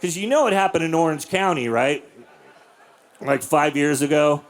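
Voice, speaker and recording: Forties male stand-up, deadpan and crude, live club set, mid-high voice, does silly voices. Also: moderate pace, some chatter behind. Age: 40s. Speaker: stand-up comedian. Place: comedy club with a live audience.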